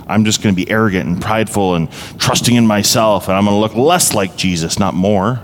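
A man preaching a sermon as a pastor, earnest and personal, growing emphatic. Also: fairly quick. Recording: echoey hall, faint rumble.

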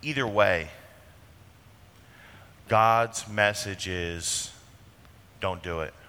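A man preaching a sermon with earnest emphasis, slowing down on key phrases. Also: on the low side, bright, forceful tone, smooth. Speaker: pastor. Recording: long reverb of a large hall.

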